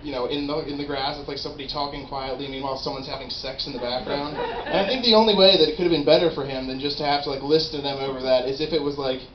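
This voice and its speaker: A young man doing a stand-up routine in a rambling, animated, profane way at a small live venue. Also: medium pitch, very fast, few pauses, a crowd in the background. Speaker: stand-up comedian. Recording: roomy, dull, noisy live room.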